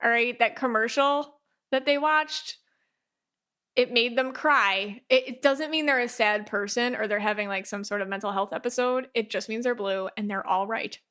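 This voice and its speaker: A woman hosts a podcast in a casual, chatty way, animated and quick to act out little quoted voices. Her voice is bright and sits a little high. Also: clear, resonant tone. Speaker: podcast host, aura reader.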